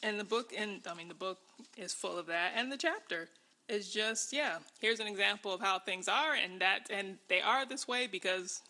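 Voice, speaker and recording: A woman's voice: mid-range voice, moderate pace, bright, forceful tone. A woman hosting a podcast in casual conversation, wry and dry in tone. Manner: wry, mocking quoted lines. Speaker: podcast host. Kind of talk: casual critical chat.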